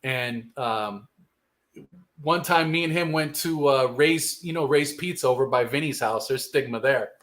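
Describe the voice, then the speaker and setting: A man's voice: medium pitch, a little slow, a bit bright. A man, a guest telling a long rambling story in casual, profane street slang. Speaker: guest musician.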